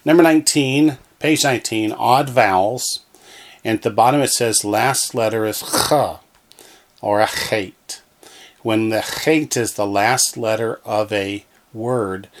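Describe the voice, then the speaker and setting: A man speaking at a measured pace with a fairly low pitch teaches a recorded Hebrew lesson from a textbook. He's by himself in a room, addressing the wall, and patiently says each word again so learners can repeat after him.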